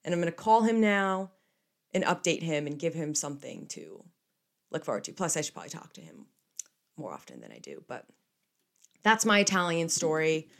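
A young woman from the United States hosting a podcast alone, telling stories in a chatty, animated way with playful asides. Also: deep voice, moderate pace, gravelly, long pauses. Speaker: podcast host. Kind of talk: casual solo podcast chat.

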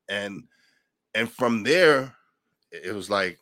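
A man hosting a podcast, talking casually with a cold and acting out his old doubts in a deep radio voice. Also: moderate pace, bright, forceful tone, no echo, studio quality. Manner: storytelling, acts out his own past thoughts. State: has a cold. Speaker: podcast host.

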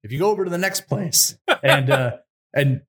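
A loud, indignant tsar who scolds a captured thief and then haggles with him, as a man puts him on. He speaks in slangy, everyday phrasing and pitches up when he gets annoyed. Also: lively intonation, normal speed, lightly acted. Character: blustering male tsar, king.

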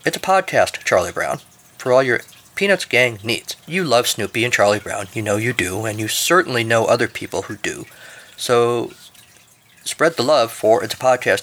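A man's voice: mid-range voice, a bit bright. A man hosting a podcast, narrating a comic story and reading the outro with dry, jokey asides. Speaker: podcast host.

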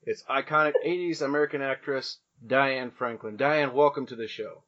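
A man's voice: mid-range voice, moderate pace, fairly bright tone, dull audio. Chatty guy in his 30s hosting a podcast, hyped up, pokes fun at his own age. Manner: enthusiastic, chatty, self-deprecating about age. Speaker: podcast host. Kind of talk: podcast intro and interview.

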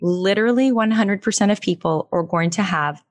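A woman guest in her thirties, explaining pelvic health in an energetic, animated casual interview. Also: medium pitch, moderate pace, no room sound.

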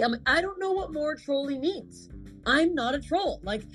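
A woman's voice: fairly high pitch, sing-song, moderate pace, fairly bright tone, soft background music. A woman comic actress chatting casually, telling stories animatedly with laughs and swearing. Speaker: comedic actress, guest. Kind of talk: casual chat.

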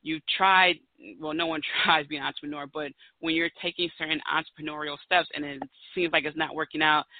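A woman's voice: deep voice, no echo. A woman in her thirties hosting a solo podcast, talking in a chatty, emphatic way and pressing her points home. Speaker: podcast host. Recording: tinny phone-like dry audio.

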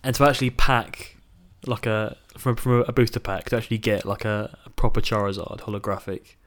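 A British man in his twenties co-hosting a podcast, telling an animated childhood story and swearing casually. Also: lowish voice, fairly quick. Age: 20s. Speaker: podcast co-host.

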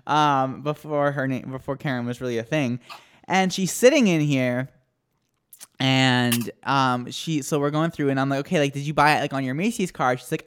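A man's voice: on the high side, quick pace, a bit bright, clean tone. A man co-hosting a podcast, telling rambling stories in casual chat, swearing and laughing often. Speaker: podcast co-host.

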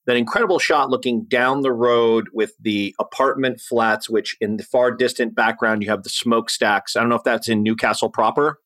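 A man's voice: medium pitch, steady tone, normal speed, few pauses, a bit bright. A man hosting a podcast, chatting about films with enthusiasm and an easy laugh. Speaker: podcast host. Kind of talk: casual film chat.

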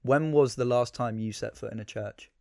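A man's voice: medium pitch, moderate pace, vocal fry, a little mellow, no room sound, studio quality. A young man, co-hosting a podcast in playful, joking banter. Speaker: podcast co-host. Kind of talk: casual comedic chat.

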